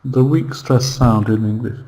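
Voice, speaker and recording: Man, online english lesson, very slow unhurried delivery, patient, repeats pronunciations. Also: medium pitch, mellow, poor audio. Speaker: English teacher.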